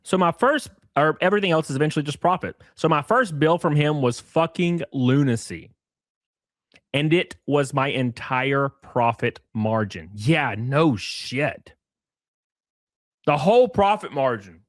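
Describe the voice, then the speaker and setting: A man's voice: fairly high pitch, lively intonation, moderate pace, dry recording, clean studio sound. A man giving casual, profane commentary as host, reading messages aloud and mocking their subject with sarcasm and laughter.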